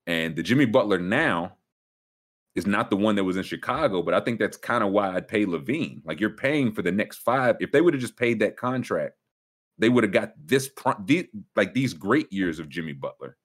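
A low-pitched man hosting a laid-back sports talk show. His voice swings widely up and down as he riffs, with loose, animated delivery and playful mock voices. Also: moderate pace. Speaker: podcast host. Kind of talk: casual sports chat.

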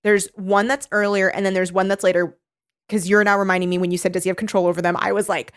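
A woman in casual conversation, animated and quick to laugh, her voice sitting in an ordinary middle pitch. She talks fast and breaks into quoted lines from the book as she goes. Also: clear, resonant tone.

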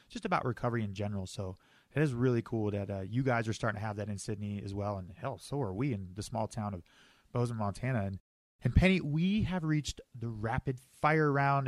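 A man's voice: lowish voice, dry recording. Upbeat American man hosting a podcast. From United States. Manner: upbeat, joking, quick asides. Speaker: podcast host. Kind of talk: casual podcast interview.

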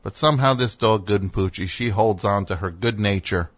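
A man's voice: on the low side, a little fast. A man hosting a comedic call-in radio show, ranting in a rambling, indignant way.

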